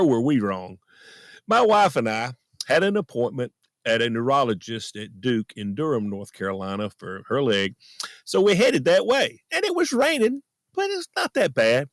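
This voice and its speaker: Lively-voiced man in a dead closet. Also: medium pitch, no room sound. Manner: earnest, folksy, self-deprecating. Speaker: podcast host. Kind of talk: personal storytelling monologue. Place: friend's closet at home.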